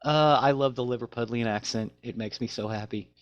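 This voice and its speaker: A man's voice: medium pitch, brisk, no echo, highs cut off. A man co-hosting a podcast, who reads facts aloud from his notes and then chats loosely. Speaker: podcast co-host. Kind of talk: reading show notes and casual chat.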